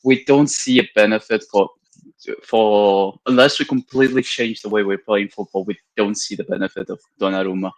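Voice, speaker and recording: A man's voice: lowish voice, normal speed, rough recording. A man co-hosting a football fan stream who makes his points steadily and restarts his sentences. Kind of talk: casual chat.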